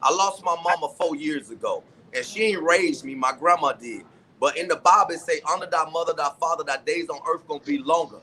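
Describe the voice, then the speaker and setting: A man speaks in an impassioned panel discussion, rising into a preaching cadence. His voice is fairly high and bright. A faint background noise sits under him. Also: a little fast. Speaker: panel guest.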